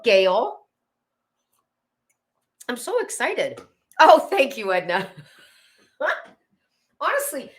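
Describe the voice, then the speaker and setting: A woman's voice: a little high, a bit bright. A woman, chatting casually on a live stream, greeting viewers by name and wandering into tangents. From Pennsylvania, USA. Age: 50s. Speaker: host of a live decluttering stream. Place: home, indoors.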